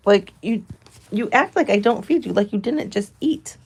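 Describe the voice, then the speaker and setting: A woman's voice: mid-range voice, animated, normal speed, a little mellow, slightly rough. Playful woman cooing at farm animals. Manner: cooing baby talk to animals, playful teasing. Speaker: farm vlogger. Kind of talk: casual chat to animals.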